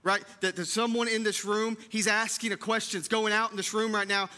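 A man preaching an Easter sermon to his church, moving between hushed, tender lines and loud, fervent build-ups, repeating phrases for emphasis. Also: sits high, little pitch movement, fairly quick. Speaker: pastor. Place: church sanctuary.

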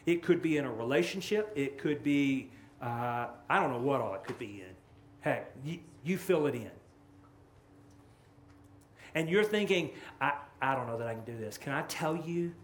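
A man preaching a sermon as pastor, impassioned and swinging from loud, rising lines to hushed, low ones. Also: lively intonation, unhurried, a little hiss or hum. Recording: echoey room with faint ambience.

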